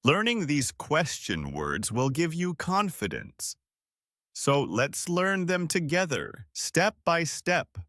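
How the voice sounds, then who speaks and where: A male English teacher leads a scripted lesson, speaking slowly with a lively, rising and falling voice. His tone is bright and forceful, and he coaches the listener warmly to repeat each phrase. The recording is dry and close, with no room sound. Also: a little high, no echo. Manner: slow, clear, encouraging repeat-after-me teaching. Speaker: English teacher and podcast host.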